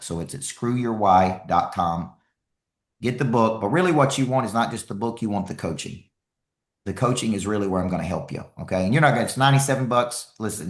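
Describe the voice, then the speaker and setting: An energetic man delivering a motivational talk to a live crowd, his voice sitting fairly low. He hammers points home by repeating them, and the sound rings around a roomy, echoing hall. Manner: energetic, emphatic, repeats himself for effect. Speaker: motivational speaker and coach.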